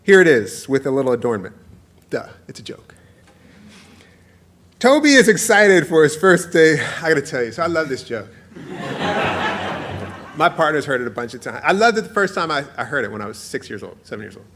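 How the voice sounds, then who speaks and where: Man in his forties, author reading his essay aloud, playful, laughing storyteller, slightly high voice. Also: big pitch swings, fairly quick, pauses often, a bit bright. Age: 40s.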